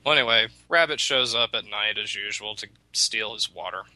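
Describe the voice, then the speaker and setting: Bright-voiced man telling a story. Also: lowish voice, a little fast, no room sound, rough recording. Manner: rambling, hesitant storytelling. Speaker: storyteller in a chat. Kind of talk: casual chat.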